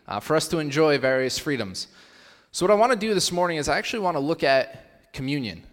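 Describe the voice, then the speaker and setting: A young pastor with a medium-pitched, fairly bright voice preaches a sermon in a conversational style full of fillers. When he reads scripture, his voice rises for emphasis, and the church hall gives a long reverb.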